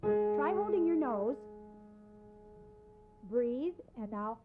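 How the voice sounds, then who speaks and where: A woman vocal instructor giving calm, deliberate coaching in a recorded voice lesson, on a lo-fi cassette tape. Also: a little high. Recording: tinny lo-fi cassette tape with piano. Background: piano accompaniment.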